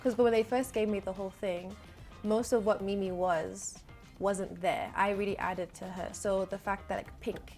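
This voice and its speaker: A woman's voice: medium pitch, steady tone, normal speed, darkish tone, soft background music. A young woman from Zambia, an actress and model, chatting casually as an interview guest with light humour and frequent laughs.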